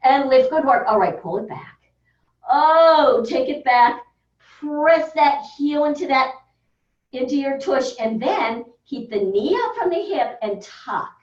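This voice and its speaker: A woman fitness instructor with a slightly high voice talks slowly through a floor workout, counting reps and cheering people on. She sounds set back from the mic in an echoey carpeted room, and the sound is a bit dull. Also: lively intonation, recorded from a distance. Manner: upbeat counting cues and encouragement.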